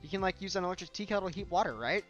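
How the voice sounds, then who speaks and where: Give me a confident, upbeat teen club president girl with a bright, high voice, read by a man. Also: animated, very fast, highs cut off, faint music behind. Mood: friendly.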